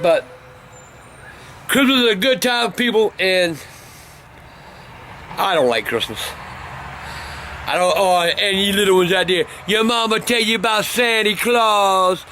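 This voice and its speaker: An older man telling profane stories that break into shouting rants. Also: high-pitched, slight background noise. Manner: cursing constantly, bursts into shouting. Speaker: vlog host telling stories. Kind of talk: profane storytelling rant.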